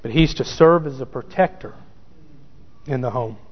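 A man's voice: medium pitch, moderate pace, slightly rough. A pastor preaching a sermon who repeats key phrases for emphasis and addresses his listeners directly. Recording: dull church recording with long reverb.

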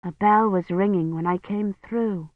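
A woman voicing a weary, quiet young woman historian in an audiobook, speaking softly and subdued. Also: medium pitch, measured pace, no echo, lightly acted. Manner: soft, subdued. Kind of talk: audiobook reading. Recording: muffled dry studio recording.

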